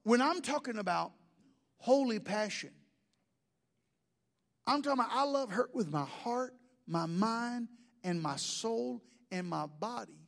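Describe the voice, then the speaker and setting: A man. He keeps the sermon lively with jokes, asides and stumbling restarts. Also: very high voice, measured pace, gravelly, pauses often. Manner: animated, joking storyteller with many restarts. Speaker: pastor.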